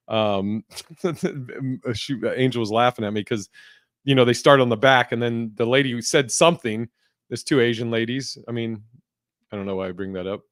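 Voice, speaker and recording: A man's voice: mid-range voice, dry recording, clean studio sound. A man hosting a podcast in loose, profane casual chat, laughing as he tells stories. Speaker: podcast host.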